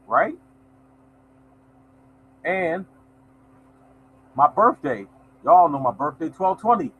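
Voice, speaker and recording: A slightly high male voice comes through dull audio with a little background noise. He hosts a lottery numbers livestream, chatting loosely and conversationally with viewers, calling them y'all, and reading out the numbers.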